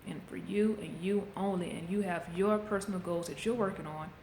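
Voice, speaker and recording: A woman's voice: on the low side, a little fast, a little mellow, a little hiss or hum. A middle-aged woman talking candidly into a handheld camera, coaching viewers in a casual motivational vlog. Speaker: vlogger. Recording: echoey room, faint background ambience.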